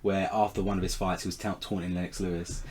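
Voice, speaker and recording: A man co-hosting a casual podcast chat, laughing easily and throwing in quick quips. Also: deep voice, little pitch movement, a little mellow. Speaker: podcast co-host.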